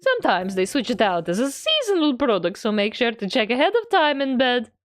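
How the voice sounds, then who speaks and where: A woman streamer reads game text aloud playfully, tacking a running joke onto every line. Her voice is on the high side and very animated, a little fast, in a dry recording.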